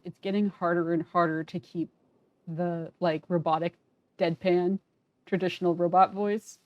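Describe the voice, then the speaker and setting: A woman's voice: lowish voice, gravelly, darkish tone, dry recording, muffled recording. A woman casually commenting while playing a story game, chatty, wry and self-deprecating. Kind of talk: casual let's-play commentary and character reading.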